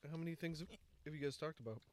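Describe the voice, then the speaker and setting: A man's voice: on the high side, very fast, darkish tone, slight background noise. A man co-hosting a casual podcast chat, rambling and laughing, with the hiccups and a few drinks in him. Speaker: podcast co-host.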